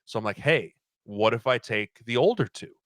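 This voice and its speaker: A man in his thirties, a podcast guest, chatting casually and telling animated stories, acting out what people said. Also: mid-range voice, normal speed, no room sound. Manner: animated storyteller, acts out quotes. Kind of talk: casual chat.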